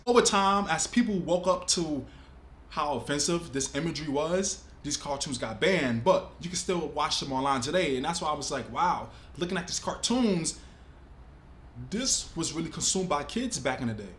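Brief: male reaction-video host, emphatic and casual, slightly high voice, roomy echo. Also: normal speed. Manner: animated, emphatic, casual vernacular. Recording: echoey room with faint ambience.

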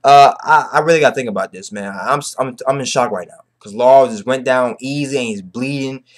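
A young man giving a casual, slang-heavy chapter recap, excitable and repetitive. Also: medium pitch, brisk. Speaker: manga reviewer.

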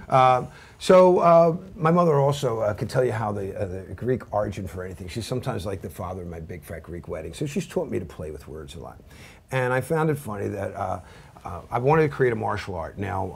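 Speaking in a fairly low, creaky, husky voice, a man in his fifties who teaches cybersecurity delivers a loose training lecture. He rambles anecdotally, makes self-deprecating jokes and asides, and fills his speech with fillers and restarts.

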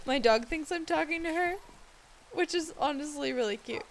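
A woman chatting casually while building in a game, gushing over the animals and cooing at them softly. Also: sits high, expressive, slow, noisy background. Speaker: Minecraft builder. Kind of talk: casual gameplay commentary.

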